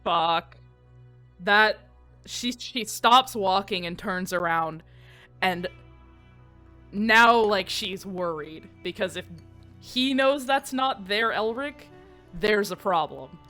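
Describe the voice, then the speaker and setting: A woman playing a tabletop role-playing game, casually describing her character's actions and speaking her lines quietly. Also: mid-range voice, takes it slowly, pauses often, soft background music. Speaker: player.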